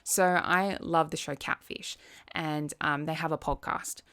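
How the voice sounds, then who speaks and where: A young woman vlogger talking casually to the camera, chatty and quick to act out little quoted asides. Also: sits low, fairly even intonation, a bit bright, clean tone. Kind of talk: casual chat.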